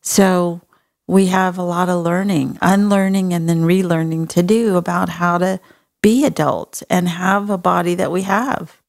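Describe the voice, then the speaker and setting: Gravelly woman host. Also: fairly low pitch, fairly even intonation, measured pace, darkish tone. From Texas. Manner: earnest, folksy, compassionate. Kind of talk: casual conversation.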